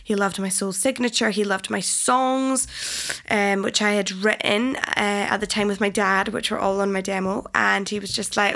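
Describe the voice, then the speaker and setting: Young woman, singer, animated chatty storytelling, a touch of vocal fry. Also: medium pitch, normal speed. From Scotland. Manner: animated, chatty, acts out quoted voices. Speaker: singer, guest. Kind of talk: casual interview storytelling.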